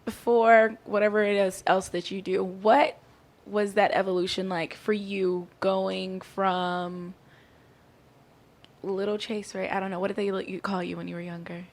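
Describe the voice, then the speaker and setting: Woman, middle-pitched voice, radio host, chatty, casual interview. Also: little pitch movement, unhurried. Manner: chatty, fills with "like".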